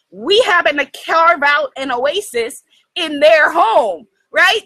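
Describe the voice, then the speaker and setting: A woman from New hosting a spiritual livestream, telling a story in an animated way, laughing often and talking straight to her viewers. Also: sits high, a little slow, no echo, low-quality recording. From United States. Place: outdoors in the jungle.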